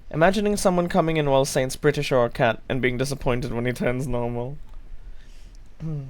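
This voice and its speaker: A man streaming a game live, chatting playfully with his viewers, rambling and swearing freely. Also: mid-range voice. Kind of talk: casual live-stream chat while gaming.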